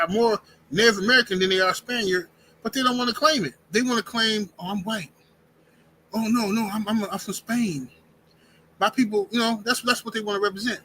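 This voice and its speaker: A man hosting a live-streamed talk show, speaking in an animated, emphatic way, often restarting sentences. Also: sits high, slight background noise, low-quality recording. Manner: animated, emphatic, repeats words and restarts, says "bro" and "fam". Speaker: podcast host. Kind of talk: casual opinionated live-stream chat.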